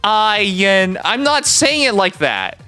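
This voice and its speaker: A Canadian livestreamer chatting casually, animated and mock-indignant, swearing freely. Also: mid-range voice, moderate pace, soft background music. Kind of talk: casual live-stream chat.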